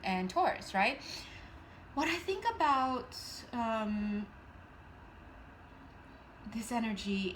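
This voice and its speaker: A woman giving a casual tarot reading, chatty and animated with jokey asides. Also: a little high, a little hiss or hum. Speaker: tarot reader.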